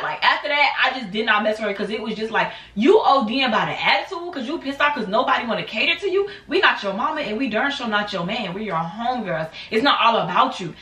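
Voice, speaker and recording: A woman in her twenties telling a casual storytime on her channel, acting out quotes in animated bursts. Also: fairly high pitch. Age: 20s. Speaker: vlogger. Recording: echoey room, mic at a distance.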